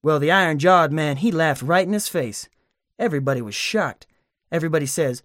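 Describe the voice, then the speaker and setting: A man's voice: fairly high pitch, brisk, fairly bright tone, no room sound, studio quality. A man narrating an audiobook in a folksy storytelling manner, shifting into character voices.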